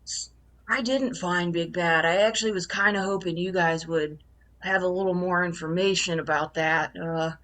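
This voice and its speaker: A woman's voice: on the low side, fairly even intonation, normal speed, a bit bright. A woman player in a tabletop game, speaking in character in a laid-back, slangy way. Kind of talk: in-character role-play.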